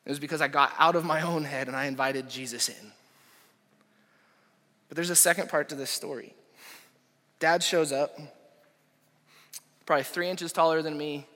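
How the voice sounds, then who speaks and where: Impassioned young pastor preaching in a hall. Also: male voice, fairly high pitch, steady tone, moderate pace, pauses often, bright, forceful tone. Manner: impassioned, rising and falling, dropping to near whisper. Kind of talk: sermon. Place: church auditorium. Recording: echoey hall reverb.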